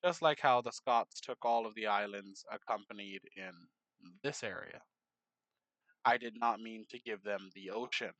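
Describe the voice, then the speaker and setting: A man narrating a map game in casual commentary, unhurried, muttering asides to himself. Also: lowish voice, a bit bright, dry recording.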